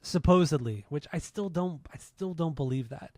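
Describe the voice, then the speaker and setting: A man's voice: a little high, moderate pace, darkish tone, no echo, clean studio sound. A man in his forties from Southern California, hosting a podcast in a laid-back, chatty way. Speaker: podcast host. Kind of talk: casual podcast chat.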